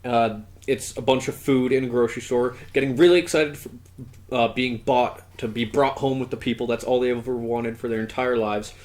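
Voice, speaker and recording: Man, twenties, podcast co-host, casual chat, rambling, lots of fillers, mid-pitched. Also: steady tone, fairly quick, darkish tone.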